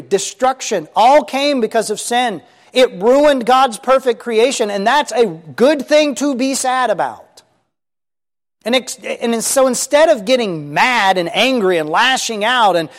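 A man's voice: sits high, big-room sound. A man preaching a sermon, earnest and emphatic, repeating his key points.

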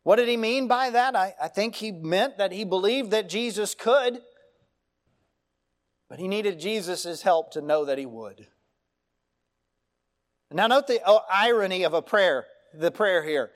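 A middle-aged pastor delivers a sermon in a voice that sits high for a man. He preaches earnestly and emphatically, leaning on rhetorical questions to draw listeners in. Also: expressive, unhurried, long pauses.

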